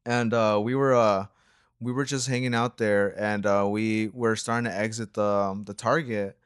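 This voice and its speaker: A man's voice: lowish voice, steady tone, normal speed, clean tone, dry recording, clean studio sound. A young man co-hosting a reaction channel, telling a story in a laid-back, rambling way full of slang and fillers. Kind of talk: casual storytelling chat.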